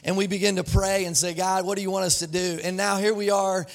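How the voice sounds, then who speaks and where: A man's voice: high-pitched, flat delivery, fairly quick. A man serving as lead pastor, preaching a live church sermon in an upbeat way and asking the congregation questions. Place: church sanctuary.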